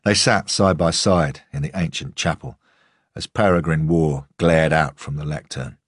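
A man narrating a first-person audiobook in a measured, understated way. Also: very deep voice, steady tone, husky, no echo, clean studio sound.

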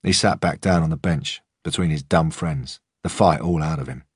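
A man reading a first-person story aloud in a calm, measured way. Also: a bass voice, breathy edge, no room sound, clean studio sound. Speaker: audiobook narrator. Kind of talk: first-person audiobook narration.

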